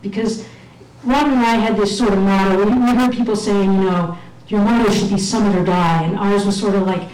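A woman's voice: mid-range voice, fairly even intonation, a little fast, darkish tone. A woman telling a self-mocking personal story to an audience, sometimes acting out the voices of others. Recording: echoey room, mic at a distance.

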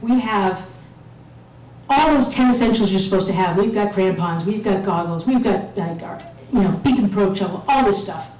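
A woman's voice: mid-range voice, normal speed, a little mellow. Woman telling a story, echoey hall. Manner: self-mocking, acts out voices of others. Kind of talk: live personal storytelling. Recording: echoey room, mic at a distance.

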